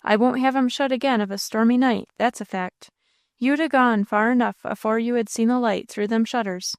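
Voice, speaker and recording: A woman voicing a blunt, rough, deep-voiced rustic farmer who talks in homespun country dialect, in an audiobook reading. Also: steady tone, normal speed, no room sound, clean studio sound, lightly acted. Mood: gruff, neighborly.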